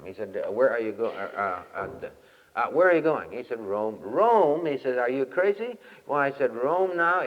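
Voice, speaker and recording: Man preaching in a dull echoing hall. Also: mid-range voice. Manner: lively storyteller, exhorting. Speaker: camp meeting speaker. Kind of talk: folksy sermon with humorous anecdote. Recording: dull lo-fi 1967 tape, long hall reverb.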